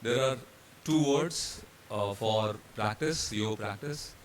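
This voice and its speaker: Indian male instructor, mid-pitched, patient slide-by-slide explainer, faint hiss behind. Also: moderate pace. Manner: explanatory, with fillers and restarts, spelling out letters. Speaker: hotel training instructor. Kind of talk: slide-based pronunciation lesson.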